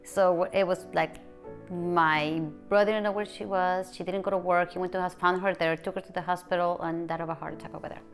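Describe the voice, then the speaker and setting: In a personal interview set to soft background music, a woman from Mexico City speaks in a low, level tone. Clearly emotional, she stumbles through her retelling with many restarts.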